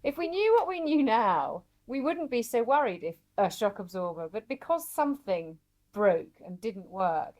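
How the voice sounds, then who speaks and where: A woman's voice: a little high, very animated, normal speed, a little mellow. A woman talking about her rally experiences in an interview, in a candid, self-mocking way. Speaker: rally participant. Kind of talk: interview conversation.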